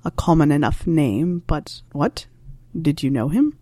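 A woman's voice: deep voice, lively intonation, warm tone, no echo, voice pushed down. Severus Snape, a woman voicing a stern professor. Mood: measured. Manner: slow, measured, clipped. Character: stern, dry older male professor.

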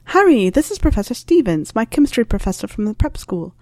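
A woman's voice: a little high, big pitch swings, brisk, darkish tone, dry recording, clean studio sound. Hermione Granger, a woman doing an eager young student.

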